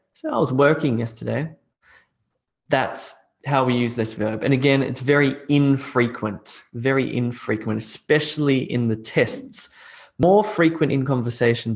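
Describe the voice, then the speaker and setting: A man's voice: mid-range voice, highs cut off. Man teaching a live online grammar class. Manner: explains step by step, reads out student answers. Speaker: English teacher.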